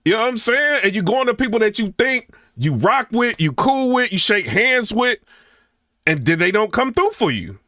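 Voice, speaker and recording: A middle-aged man gives casual reaction commentary. His voice sits high and swings widely in pitch, with a bright, sharp edge. The recording is dry and close. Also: normal speed, no echo. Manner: animated, chatty, repeats "you know what I'm saying".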